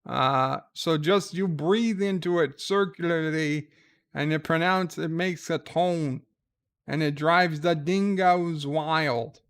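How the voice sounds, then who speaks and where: A man's voice: a little high, slow, a bit bright, clear, resonant tone. A man voicing a brash, boisterous Australian cousin with a put-on Australian accent who barks rowdy greetings.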